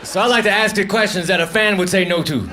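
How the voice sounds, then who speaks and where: Speaking in a fairly high male voice, a comedian delivers stand-up one-liners flatly and haltingly with a deadpan air, muttering self-deprecating asides between jokes. He holds a handheld mic on a comedy stage. A steady layer of noise runs through this noisy live show recording.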